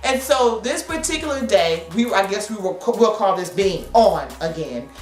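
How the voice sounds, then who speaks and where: A woman in her thirties telling a story to camera in a slangy, animated way, laughing often. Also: medium pitch, moderate pace, roomy sound, faint music behind. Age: 30s. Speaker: vlogger. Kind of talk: casual storytelling.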